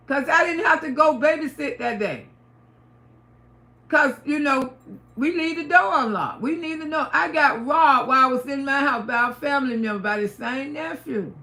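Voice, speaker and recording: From home, a middle-aged woman hosting a livestream tells her audience a story casually. Her high, bright voice has a gravelly edge, and her telling is emphatic, repetitive, and often profane.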